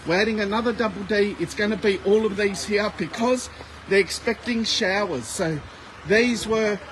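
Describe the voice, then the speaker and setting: A man hosting a live shopping stream outdoors at a warehouse sale, rattling off prices and talking to viewers. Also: high-pitched. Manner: rapid price-calling, chatty with viewers. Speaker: livestream sale host. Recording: noisy outdoor phone recording with wind.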